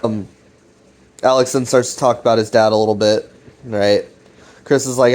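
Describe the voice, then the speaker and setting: A man's voice: medium pitch, little pitch movement, a little slow, long pauses, darkish tone. A man casually rambling through a recap of a web series, with lots of fillers, restarts and swearing.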